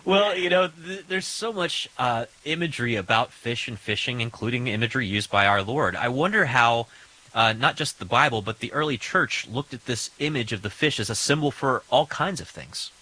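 A man hosting a casual conversation, relaxed, with fillers, asking his guest questions. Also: medium pitch, normal speed, poor audio. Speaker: host.

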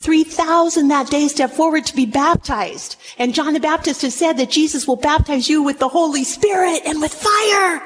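High-voiced woman preaching in a reverberant hall. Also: moderate pace, hardly any pauses. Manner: dramatic, acts out scripture voices. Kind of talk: sermon. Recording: long hall reverb, faint noise.

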